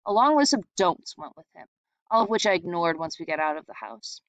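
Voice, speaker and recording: A woman's voice: lowish voice, animated, fairly quick, dry recording. Woman reading a story aloud, dry sound. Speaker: reader. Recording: dull lo-fi sound.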